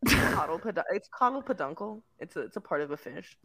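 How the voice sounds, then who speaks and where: A woman in her twenties with a Southern Californian accent and vocal fry, co-hosting a casual, giggly chat. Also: lowish voice, fast talker. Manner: giggly, animated storytelling. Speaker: podcast co-host.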